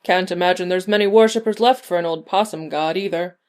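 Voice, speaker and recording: A silky male devil, voiced by a woman reading aloud, drawls his threats with smug, teasing ease. His voice sits low and unhurried, every word coaxing. He sounds like he already owns the deal. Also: darkish tone, close to an everyday voice. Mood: sly.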